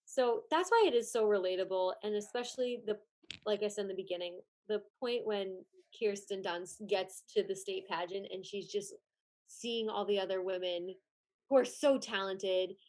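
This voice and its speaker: A woman's voice: medium pitch, normal speed, a little mellow. A young adult woman in casual podcast chat as a guest. She talks about her time as a pageant contestant and judge, laughs often and says "like" a lot. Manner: chatty, laughs often, heavy use of "like".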